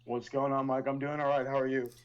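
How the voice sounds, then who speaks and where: A man being interviewed as a podcast guest, speaking frankly and haltingly about himself. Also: mid-range voice, little pitch movement, smooth, lo-fi sound.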